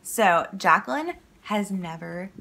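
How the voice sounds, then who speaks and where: A woman's voice: mid-range voice, animated, takes it slowly, creaky, bright, forceful tone. A woman chatting playfully and giggling as a guest in a casual apartment vlog. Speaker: guest, yarn seller. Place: apartment, indoors.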